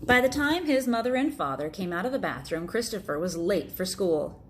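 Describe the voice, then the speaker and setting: Reading a storybook aloud to kids, this woman has an expressive mid-range voice and keeps a moderate pace. She voices sound effects playfully and talks about the illustrations, with a little hiss or hum in the background.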